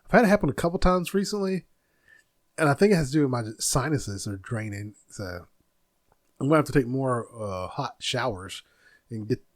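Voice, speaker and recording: A man's voice: medium pitch, lively intonation, moderate pace, no echo, clean studio sound. A middle-aged man hosting a casual solo podcast from his home office, rambling and easily sidetracked, laughing at his own stories. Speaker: podcast host.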